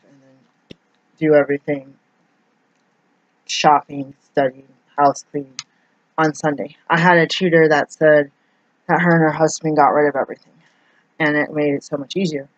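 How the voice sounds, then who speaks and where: A woman with a deep voice gives a personal, confessional vlog monologue, rambling, hesitating and often restarting her sentences. The recording is dull, dry and lo-fi, with no echo.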